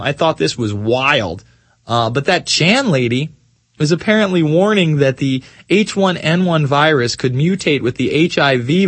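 A man hosts a talk radio show with a slightly high voice. He mocks the headlines sarcastically, drawing words out for stress and then speeding up. The studio sound is dry and close. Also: a bit bright, slightly rough, dry recording. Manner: sarcastic, mocking, swings between slow emphasis and quick rants. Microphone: studio microphone.

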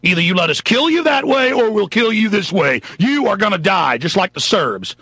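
A man voicing a sneering, menacing government tyrant who shouts threats with contempt. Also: high voice, sing-song, normal speed, slightly rough, no echo, dull audio, full character voice. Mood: menacing, shouting.

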